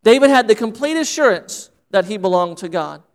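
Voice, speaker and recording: A man's voice: sits high, animated, fairly quick. A man preaching a sermon as pastor, earnest and repeating phrases for emphasis.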